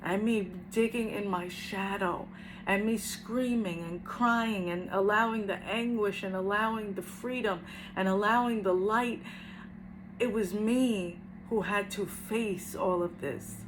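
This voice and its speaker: A woman's voice: mid-range voice, noisy background. A middle-aged woman, a spiritual healer, telling her own story to the camera earnestly and reflectively, often repeating her phrases. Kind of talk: personal testimony to camera.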